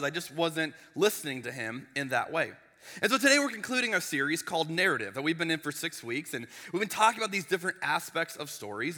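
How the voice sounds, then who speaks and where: A man, the lead pastor, telling a story in a chatty, animated sermon in a church sanctuary. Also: high-pitched. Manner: animated, chatty, with frequent restarts and asides. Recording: long reverb of a large hall.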